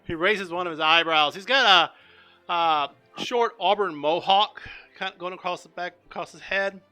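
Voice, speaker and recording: A man's voice: high voice, normal speed, pushed and bright, smooth, soft background music. A man narrating as game master of a tabletop game, hesitant and full of fillers.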